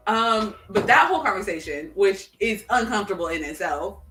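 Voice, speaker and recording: Podcast co-host, woman, bright and tense tone, rambling storyteller full of "like", mid-pitch. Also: expressive, moderate pace, soft background music. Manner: rambling, heavy use of "like", acts out quotes while retelling. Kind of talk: casual chat.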